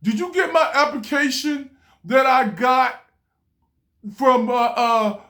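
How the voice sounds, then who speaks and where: An eager young job seeker asks insistently and keeps repeating himself, as a woman quotes him in her story. The voice sits fairly high. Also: takes it slowly, a bit bright, heavily acted.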